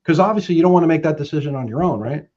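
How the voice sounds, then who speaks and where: Middle-aged male mortgage pro, lively sales-coach delivery on a muffled line. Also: a little high, racing. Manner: emphatic storyteller, acts out both sides of phone calls. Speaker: guest, mortgage professional. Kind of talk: animated sales coaching talk.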